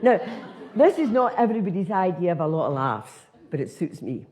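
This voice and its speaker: An older Scottish woman telling a comic tale onstage, her voice swooping up and down in lively, animated bursts. She talks in a chatty, self-mocking way, and her voice sits fairly low for a woman. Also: brisk. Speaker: comedian. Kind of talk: stand-up storytelling.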